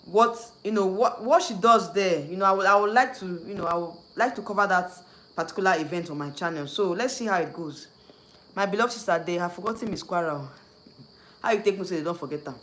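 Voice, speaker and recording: Talking fast in a high-pitched, pushed and bright voice, this Nigerian-accented man hosts a relaxed YouTube livestream. He wanders from point to point, says things more than once, and switches into Nigerian Pidgin at times.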